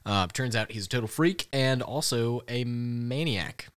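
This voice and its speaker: A man's voice: medium pitch, measured pace, fairly bright tone, smooth, no room sound, clean studio sound. A man co-hosting a comedy podcast, joking in a playful, mock-earnest way. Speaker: podcast co-host. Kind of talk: casual comedic banter.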